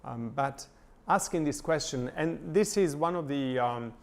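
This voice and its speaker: Halting man lecturing, gravelly voice. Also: fairly high pitch, expressive. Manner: thoughtful, many hesitations and fillers. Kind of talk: lecture reading and analyzing a poem. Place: church lecture.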